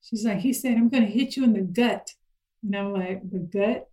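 Animated storytelling mother. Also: mid-range voice, moderate pace, slight background noise, low-quality recording. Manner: animated storyteller acting out her kids' voices. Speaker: guest parent. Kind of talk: casual chat about parenting.

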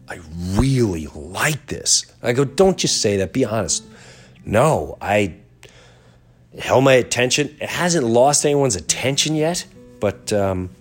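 Congested, earnest middle-aged man. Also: medium pitch. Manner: earnest and reflective, trailing off and restarting. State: congested, stuffy nose. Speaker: podcast host. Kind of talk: casual monologue.

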